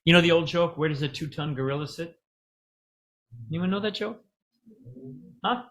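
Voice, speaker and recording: Man, middle-aged, spiritual talk, fairly high voice, folksy, joking. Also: normal speed, a bit bright. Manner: folksy and joking, asks the audience questions. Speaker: swami giving a spiritual talk. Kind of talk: casual spiritual talk with slides.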